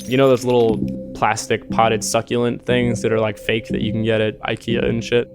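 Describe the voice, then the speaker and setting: A man's voice: medium pitch, flat delivery, moderate pace, creaky. Rambling man telling an eerie tale over music. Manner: rambling and shaken, full of "like" fillers and swearing. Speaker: storyteller recounting a personal encounter. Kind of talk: casual spoken storytelling. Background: eerie music bed.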